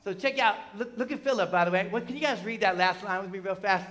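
A middle-aged man from New Jersey preaching a sermon in a conversational, animated way, full of asides and tag questions. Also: high voice, quick pace. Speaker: pastor.

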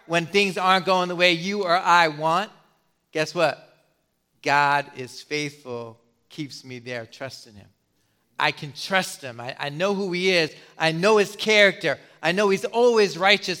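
A middle-aged man preaching a sermon as a pastor, putting questions to the congregation and pausing for effect. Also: high-pitched, sharp tone, smooth.

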